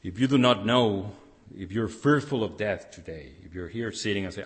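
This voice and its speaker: A man's voice: on the low side, normal speed, long reverb tail. A man preaching a sermon as pastor, earnest, often repeating and restarting phrases for emphasis.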